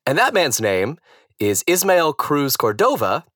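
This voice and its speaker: A man in his thirties, a stage actor and guest, telling a story casually with lots of fillers and restarts in a naturally low voice. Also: big pitch swings, a little slow, fairly bright tone, husky, no echo, studio quality. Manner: rambling, hesitant, many fillers and restarts.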